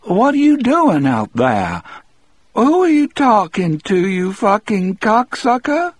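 A man's voice: high-pitched, huge pitch swings, takes it slowly, slightly rough, no echo, voice pushed up, exaggerated voice. A man voicing a weak, confused old woman who calls out querulously and swears, in an audiobook. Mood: shrill, lost. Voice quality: wavery, querulous. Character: weak, wavering, foul-mouthed old woman, sick and confused. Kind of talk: audiobook character voice.

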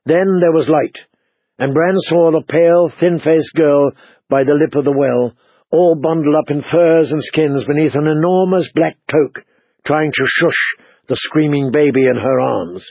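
A man narrating a fantasy audiobook in a measured, dramatic storytelling manner. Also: on the high side, husky, dry recording. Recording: dull lo-fi recording.

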